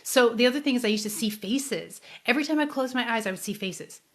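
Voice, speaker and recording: A woman, a psychic medium hosting her own show, telling her life story in a casual, earnest and emotional way, her voice softening when sad memories come up. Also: a little high, fast. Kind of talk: casual personal storytelling to a live audience.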